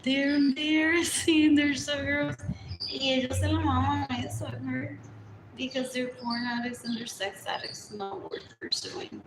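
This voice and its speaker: A woman's voice: high-pitched, fairly even intonation, normal speed, background noise. Woman livestreamer, rambling and repetitive, in an echoey space with birds. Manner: rambling, repeats phrases over and over. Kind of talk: rambling live stream monologue. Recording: roomy echo with loud birdsong.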